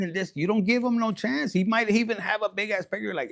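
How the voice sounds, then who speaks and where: A man's voice: high voice, animated, brisk, gravelly, fairly bright tone. A man giving a casual, rambling and bawdy tarot reading, joking and slipping into Spanish. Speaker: tarot reader.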